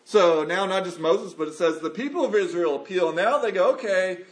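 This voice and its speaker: A man's voice: high-pitched, a little fast. A man preaching a sermon, explaining scripture and acting out the voices of people in the story. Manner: animated, acts out quoted voices of the Bible figures.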